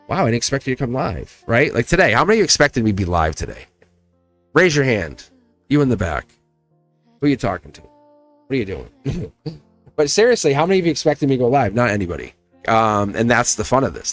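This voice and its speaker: A man's voice: fairly low pitch, a bit bright. A man with a Southern accent, reading tarot on a casual livestream and talking straight to his viewers, laughing often. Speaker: tarot reader.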